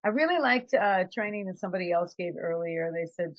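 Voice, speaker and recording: A woman's voice: fairly low pitch, animated, a little fast, no echo, muffled recording. A woman giving a conversational, reflective motivational talk as a trainer. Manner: conversational, reflective, acts out quotes.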